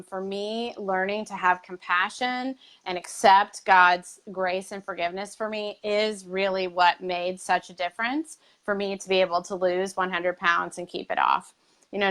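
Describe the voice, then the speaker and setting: Gentle, encouraging woman coach. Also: mid-range voice. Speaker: weight loss coach and co-host. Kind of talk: live faith-based coaching chat.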